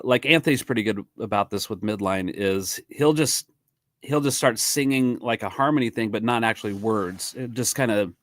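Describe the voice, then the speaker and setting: A man's voice: on the low side, no echo. Chatty male podcast host, dry sound. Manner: enthusiastic, chatty, quick to laugh. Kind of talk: casual interview chat.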